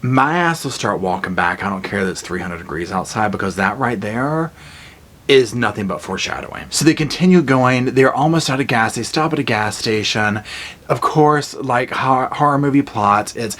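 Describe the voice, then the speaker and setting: A man giving a casual, animated horror movie review, retelling scenes with blunt, jokey asides. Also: mid-range voice, normal speed. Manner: animated storytelling with acted-out quotes.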